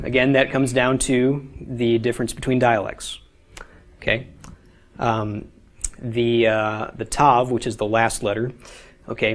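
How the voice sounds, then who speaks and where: Guy teaching a class, patient, keeps asking "okay?", middle pitch. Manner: patient, explains step by step, often checks with "okay?". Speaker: Hebrew teacher. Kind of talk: informal classroom lecture.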